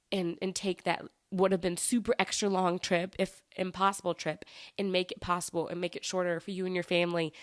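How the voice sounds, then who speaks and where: A woman's voice: lowish voice, no echo, studio quality. A woman hosting her own podcast in a casual, enthusiastic, rambling chat full of fillers. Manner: chatty and rambling, with many fillers and restarts; enthusiastic, gushing. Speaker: podcast host.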